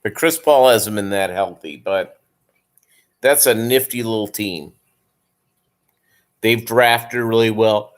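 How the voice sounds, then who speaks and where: A man's voice: on the low side, slow pace, long pauses. A man who breeds fish, chatting casually and rambling on his live stream and calling viewers "gang".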